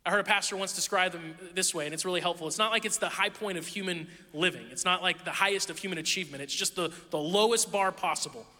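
A man in his thirties, a pastor preaching a sermon, telling animated, self-deprecating stories with a laugh. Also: high-pitched, fast, hardly any pauses. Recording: long reverb of a large hall.

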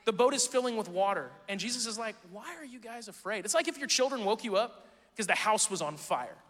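A man's voice: high voice, expressive, fairly quick, a bit bright, big-room sound. A man preaching a sermon as pastor, casual and joking, reading scripture and adding playful asides.

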